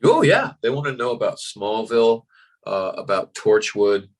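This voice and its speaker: An American actor being interviewed casually speaks at normal speed in a voice on the low side, in a rough recording. He's animated, uses frequent fillers, and acts out voices in his anecdotes.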